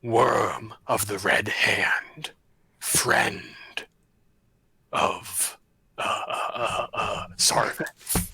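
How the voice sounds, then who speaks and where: A man voicing a slow booming dragon. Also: fairly even intonation, gravelly, sharp tone, husky, dry recording, in a whisper, exaggerated voice. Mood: menacing. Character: booming male dragon villain, menacing.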